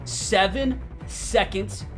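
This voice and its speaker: A young man hosting a gaming channel, giving excited gameplay commentary to his viewers, swinging between loud outbursts and frustrated muttering. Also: high voice, drawn-out words, music in the background. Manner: talks to viewers as "fellas".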